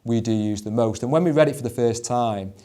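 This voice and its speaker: A man's voice: mid-range voice, brisk, warm tone. A man leading a discussion on leadership as a schools executive director, often stumbling over repeated words and filling with "you know".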